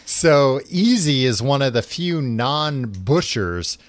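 A man's voice: mid-range voice, big pitch swings, takes it slowly, dry recording. A man hosting a podcast, casually retelling a book with lots of filler words and restarts. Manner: rambling, full of likes and restarts. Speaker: podcast host.

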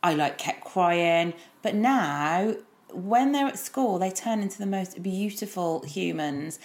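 Late-30s mum co-hosting a chat show; low-pitched, playful and self-deprecating. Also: female voice, expressive, slow pace, darkish tone. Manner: chatty, self-mocking, playful. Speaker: podcast co-host, mother, former teacher. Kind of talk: casual chat.

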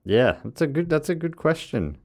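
Co-hosting a podcast, a man with a voice on the high side and big pitch swings speaks at normal speed in casual chat. He reads out listener messages and is chatty, laughing often between remarks, with frequent fillers and restarts.

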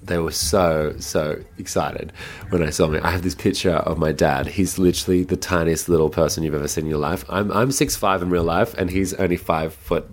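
A man's voice: sits low, steady tone, fairly quick. A man who performs in drag, telling personal stories in a casual, chatty way and acting out the voices of people he quotes. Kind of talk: casual storytelling.

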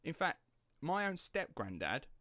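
A man's voice: fairly high pitch, big pitch swings, unhurried, pushed and bright, no echo. A man with an Estuary English accent, hosting a podcast and telling a story in a chatty, casual way with some swearing. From Essex, England. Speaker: podcast host.

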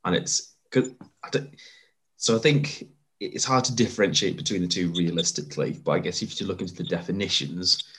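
With a voice that sits low but has a fairly bright tone, this podcast co-host speaks briskly. In casual chat, he reads aloud definitions and facts he's looked up and laughs along with the conversation.

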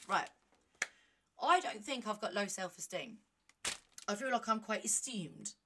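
Woman rambling on her podcast, lively and jokey, reads bits out and comments. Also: medium pitch, slight background noise. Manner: chatty, animated and self-mocking, reading aloud with asides. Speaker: podcast host. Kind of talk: casual solo monologue.

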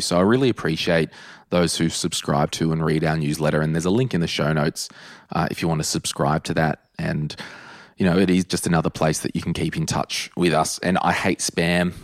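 A man with an Australian accent talks casually to his listeners as a podcast host. His voice sits very low, and the sound is dry and close. He is chatty and emphatic, hammering his points home by repeating them. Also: dry recording. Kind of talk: casual solo podcast talk.

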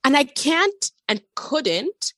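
A woman's voice: high voice, very animated, slow pace, bright, forceful tone, dry recording. A woman guest on a podcast in casual chat, effusive and affirming, a little congested from a cold.

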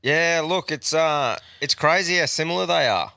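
A laid-back Australian man co-hosting a podcast, swearing freely and laughing easily as he chats. His voice is bright and forward, recorded dry and close with no room sound. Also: on the high side, moderate pace, gravelly, no echo. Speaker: podcast co-host. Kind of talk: casual chat.

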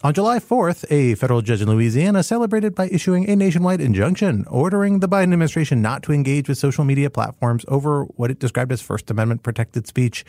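A man's voice: medium pitch, creaky, dark tone, dry recording. A man hosting a podcast in a studio, introducing topics with playful wordplay and frequent laughs. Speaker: podcast host.

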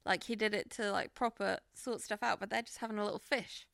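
A woman's voice: mid-range voice, fairly even intonation, creaky, a bit bright, no room sound, clean studio sound. A woman, playful and teasing, chatting casually and joking. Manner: playful, teasing, quick to laugh. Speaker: podcast co-host. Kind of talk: casual comedic chat.

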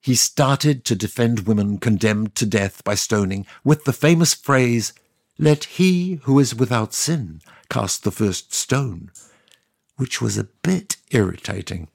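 God as a gravelly, wry old deity. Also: male voice, medium pitch, expressive, unhurried, darkish tone, no echo, clean studio sound, full character voice. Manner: sardonic, conversational storyteller. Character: God, ancient male deity, wry and chatty. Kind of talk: scripted comic monologue.

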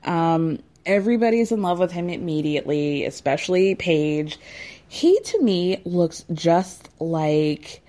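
A woman host chatting casually and wryly, with big leaps in pitch when she makes a point. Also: unhurried. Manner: chatty, wry, animated with big pitch jumps. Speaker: podcast host recapping reality TV. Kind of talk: casual chat.

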